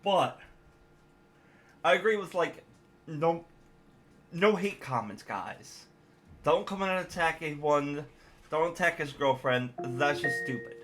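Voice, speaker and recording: Man as a commentary host, slow and deliberate, reacting to clips. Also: fairly high pitch, animated, a bit bright.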